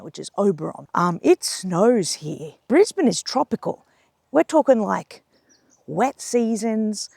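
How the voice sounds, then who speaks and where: A young Australian woman chats brightly to her vlog audience while she is sick, her voice husky and edged with a gravelly fry. She talks outdoors at a lakeside camp, and the sound stays dry and close. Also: medium pitch, no room sound. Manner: chatty and upbeat, quick asides. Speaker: vlogger. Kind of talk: casual vlog talk to camera.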